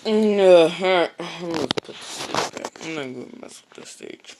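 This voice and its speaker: A man's voice: on the high side, moderate pace, creaky, noisy background. A man streaming a block-building game, chatting casually in a rambling, slangy way that often trails off into a mutter. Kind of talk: casual live-stream chat. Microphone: own streaming mic.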